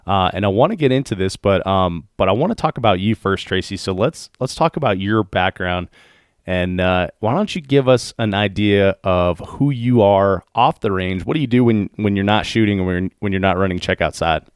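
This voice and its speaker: A man hosting a podcast interview, congested after losing his voice, talking in a friendly, halting way with many fillers. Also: sits low, animated, clear, resonant tone, no room sound, studio quality. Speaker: podcast host. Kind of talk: casual interview talk.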